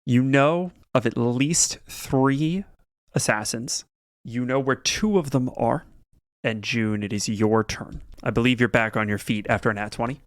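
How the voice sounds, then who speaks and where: A man running a tabletop game as game master, narrating the scene in a calm, measured way. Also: mid-range voice, dry recording, clean studio sound.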